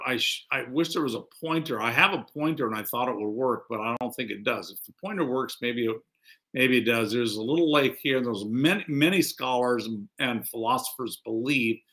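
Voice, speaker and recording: A man's voice: medium pitch, bright, forceful tone. A middle-aged man preaching a conversational sermon as a pastor, acting out quoted lines.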